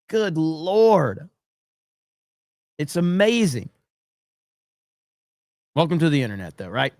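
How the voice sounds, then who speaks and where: A man's voice: fairly high pitch, takes it slowly, long pauses, dry recording. Sarcastic, dry-voiced streamer man. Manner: sarcastic, animated, mock-quoting, chuckling. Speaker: livestream host. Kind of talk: casual reaction commentary.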